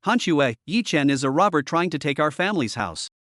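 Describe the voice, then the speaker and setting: A man voicing an angry middle-aged mother who scolds and shouts. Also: fairly high pitch, expressive, brisk, no echo, clean studio sound. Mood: furious. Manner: shouting, indignant.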